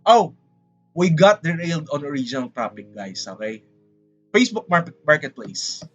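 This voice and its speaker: On a dull, lo-fi livestream with faint music behind him, a Filipino man speaks casual, accented English, rambling and dramatic as he engages his chat. He talks at a moderate pace in a highish, fairly bright voice that swings widely in pitch.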